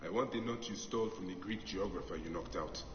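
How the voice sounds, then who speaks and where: A man voicing a calm, protective warrior hero in a video game. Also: sits low, a little fast, highs cut off, background noise, close to an everyday voice. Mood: stern. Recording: game audio from speakers, echoey and far off.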